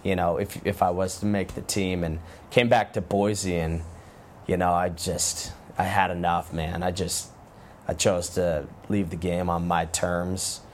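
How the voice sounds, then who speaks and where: A man with a very low, deep voice tells stories in a relaxed, meandering way, often circling back and restarting his sentences. He talks like an easygoing interview guest. Faint room ambience hums underneath. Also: unhurried, slight background noise. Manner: relaxed, rambling with frequent restarts. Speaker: guest, former pro football player. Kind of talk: casual interview storytelling.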